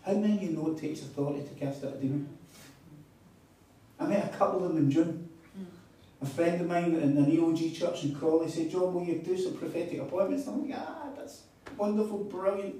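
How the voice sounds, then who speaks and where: A man's voice: on the high side, a little fast, dark tone. A man preaching a sermon, telling stories with emphatic repeats. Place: hall at a retreat. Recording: echoey hall, mic far off.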